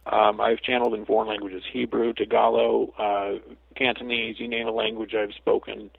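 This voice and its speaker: A man talking as a guest psychic medium in a casual interview, a chatty storyteller who slips into lively quoted asides. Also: on the low side, normal speed, creaky, husky, dry recording. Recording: tinny phone line, dry.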